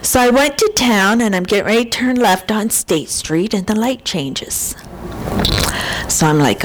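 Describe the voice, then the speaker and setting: A woman's voice: lowish voice, lively intonation, a little slow. A woman from Buffalo, New York, preaching a sermon at a church and telling a humorous personal story with frequent laughter. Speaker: speaker at a church service. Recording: noticeable background noise.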